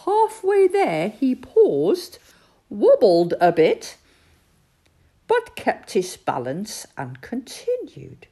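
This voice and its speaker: Woman reading a kids' story, slow and lively, mellow low voice.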